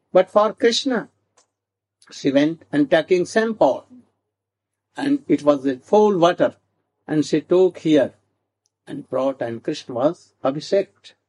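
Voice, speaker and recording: A man telling a devotional story slowly, with halting restarts and asides asking "hmm?". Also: on the high side, darkish tone.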